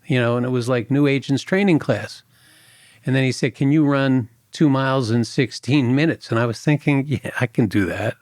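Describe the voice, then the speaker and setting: A man, a former agent telling lively stories in a podcast interview and acting out other people's voices. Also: mid-range voice, moderate pace, no room sound, clean studio sound. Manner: animated anecdotes, acts out other people's voices. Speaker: former FBI agent guest.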